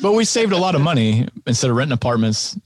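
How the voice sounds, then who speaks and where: A man's voice: medium pitch, very animated, fast talker, over a noisy crowd. A man in his thirties, a podcast guest, telling stories in a laid-back, wry way and laughing often. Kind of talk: casual conversational storytelling.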